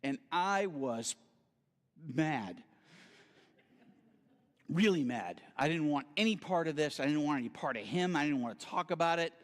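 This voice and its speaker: A man giving a storytelling sermon as a guest speaker at a spiritual center, theatrical and animated. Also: fairly high pitch, a little slow, pauses often. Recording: reverberant hall.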